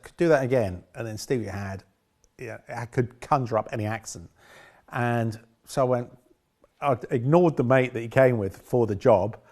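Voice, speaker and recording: A man's voice: mid-range voice, darkish tone. A man talking about his past work as a film director in a casual interview, rambling with frequent restarts and self-corrections.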